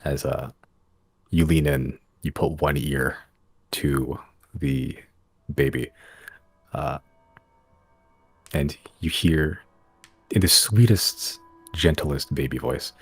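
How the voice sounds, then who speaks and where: A man narrating a tabletop game as game master, describing scenes in a halting way with many fillers. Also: rumbling low, fairly even intonation, creaky, darkish tone, breathy edge, dry recording, soft background music.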